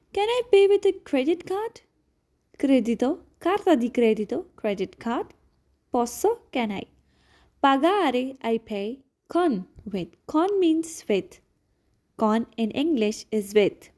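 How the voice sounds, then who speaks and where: A woman's voice: on the high side, a little mellow. A woman teaching Italian phrases one by one, repeating each and translating it into English in slightly non-native phrasing. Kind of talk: slow language lesson.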